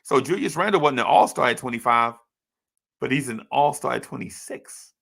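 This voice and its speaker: A man's voice: mid-range voice, expressive, normal speed, creaky, fairly bright tone. A man hosting a live stream, giving a passionate, repetitive monologue as a basketball fan. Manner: rhetorical, repetitive, heartfelt. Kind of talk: emotional sports fan monologue.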